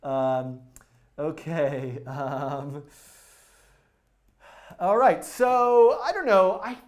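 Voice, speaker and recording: A man hosting a live-stream coding tutorial, talking in an excitable, rambling way full of fillers and restarts. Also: on the high side, extremely slow. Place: indoor studio.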